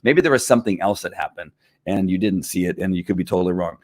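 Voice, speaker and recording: Middle-aged male dog trainer, casual and animated, low voice, dry close-mic sound. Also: quick pace, no room sound. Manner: animated, acts out owners in higher voices, laughs often. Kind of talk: casual livestream talk.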